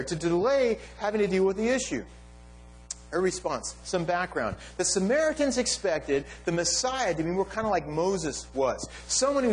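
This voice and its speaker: A man delivering a sermon in a high voice that swings widely up and down. He speaks emphatically but conversationally, checking in with his listeners as he goes. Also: poor audio. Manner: animated, emphatic, with frequent "right?" asides. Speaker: pastor.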